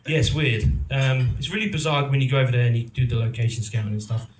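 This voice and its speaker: Crowd noise surrounds this middle-aged English actor and producer as he speaks quickly in a mid-range voice, the sound roomy in the large event hall. Giving a talk to a live audience, he tells his story loosely and self-mockingly, wandering off track with frequent ums and restarts.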